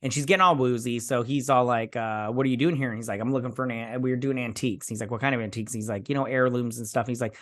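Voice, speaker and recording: A man casually recapping a TV episode in a rambling way, acting out the characters' lines in quick impressions. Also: medium pitch, steady tone. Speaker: show reviewer.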